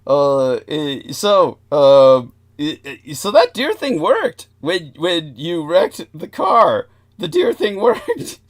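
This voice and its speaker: A man's voice: fairly high pitch, huge pitch swings, takes it slowly. A man hosting a casual late-night call-in chat, laughing often and exclaiming in disbelief. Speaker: host.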